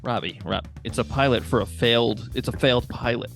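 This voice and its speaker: A man's voice: medium pitch, a little fast, gravelly, faint music behind. A man co-hosting a podcast, chatting casually and joking, with fillers and hesitations. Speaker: podcast co-host. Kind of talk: casual chat.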